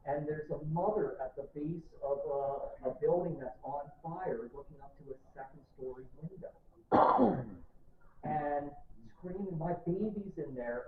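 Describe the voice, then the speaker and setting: A man giving a lively history talk to an audience in a library, acting out the people in his story and talking straight to listeners. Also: a little high, slight background noise. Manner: dramatic, acts out quotes, addresses audience directly. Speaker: presenter. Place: library event room. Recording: distant, echoey, phone-like audio.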